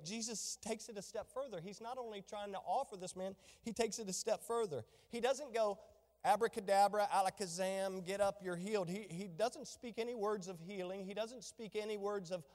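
A man preaching a sermon to a congregation, swinging between loud, ringing proclamations and hushed, low asides. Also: normal speed, hardly any pauses. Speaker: pastor. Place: church sanctuary. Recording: long reverb of a large hall.

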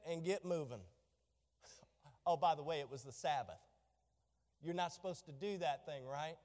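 A man preaching a sermon to a congregation, swinging between loud, ringing proclamations and hushed, low asides. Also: normal speed, pauses often. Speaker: pastor. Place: church sanctuary. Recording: long reverb of a large hall.

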